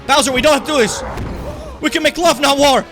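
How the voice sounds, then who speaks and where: A man's voice: extremely high pitch, fast, fairly bright tone, faint music behind, voice pushed up. A man voicing a bold, cocky plumber hero in a mock-heroic, taunting way while playing a game.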